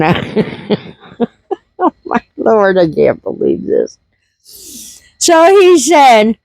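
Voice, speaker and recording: A woman's voice: mid-range voice, darkish tone, no echo. A woman telling a funny family story in a casual, laughing, folksy way. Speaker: homesteading vlogger.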